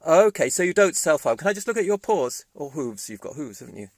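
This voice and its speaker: A man's voice: on the high side, big pitch swings, fast, dry recording. A man around 60, a vlogger telling wry, rambling stories and jokes. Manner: jokey, digressive, wry. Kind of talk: rambling storytelling monologue.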